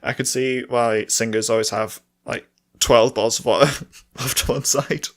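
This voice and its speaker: A man's voice: mid-range voice, fairly even intonation, measured pace. Rambling young man with a dry, sore throat. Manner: rambling, self-mocking, laughs often. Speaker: podcast co-host. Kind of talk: casual solo chat and singing along.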